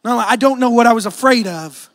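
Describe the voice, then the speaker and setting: A man delivering a sermon in a noticeably high voice. He moves between quiet, confiding stretches and loud, shouted appeals to the congregation. He tells personal stories and adds self-deprecating asides along the way. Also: fairly quick, big-room sound. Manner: swings from hushed, intimate talk to shouted appeals; repeats "here's the thing", storytelling with self-deprecating asides. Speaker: pastor.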